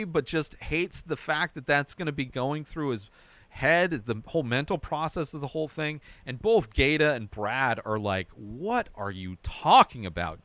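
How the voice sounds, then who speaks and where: A man with a smooth, resonant voice, telling the plot of a TV episode on his podcast in loose, chatty runs. He keeps checking in with the listener with a quick "right?". The sound is close and dry. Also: a little high, fairly bright tone, no room sound. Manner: narrates plot in a run-on way, often adding "right?". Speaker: podcast host recapping a TV episode. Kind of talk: casual episode recap.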